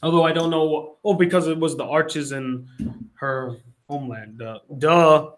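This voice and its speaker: A man's voice: fairly high pitch, normal speed. A young man, a film critic, casually recapping a movie scene by scene and acting out the characters' lines. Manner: animated retelling with acted-out quotes.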